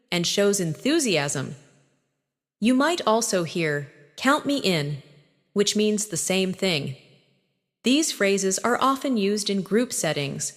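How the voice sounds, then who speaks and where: Woman, scripted lesson narrator, clear and instructive, animated pitch, recorded with noticeable reverb. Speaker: English teacher.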